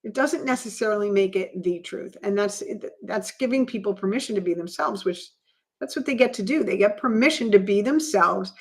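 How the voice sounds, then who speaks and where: A woman's voice: mid-range voice, brisk. A woman co-hosting a podcast as a coach, speaking earnestly and reflectively in casual conversation. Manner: earnest, reflective, shares personal stories.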